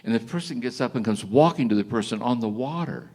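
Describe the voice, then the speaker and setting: An older man telling gentle jokes to a live audience in a chapel, halting and restarting as he goes. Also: mid-range voice, slight background noise. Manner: gentle, halting storytelling with restarts and soft laughs. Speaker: retreat speaker.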